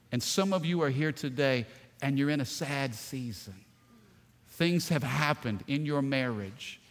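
Animated preaching man in a reverberant hall. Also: medium pitch. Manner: animated preaching with rising emphasis. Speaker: pastor. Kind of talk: sermon.

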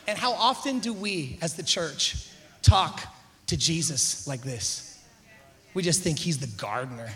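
A man preaching a sermon as pastor, animated, acting out characters with shifting voice and loudness. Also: a little high, measured pace.

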